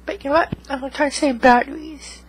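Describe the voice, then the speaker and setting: A woman's voice: high voice, fairly even intonation, fast talker, poor audio. A woman vlogging in casual chat to her viewers, rambling and tagging most remarks with 'okay?'. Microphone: USB microphone.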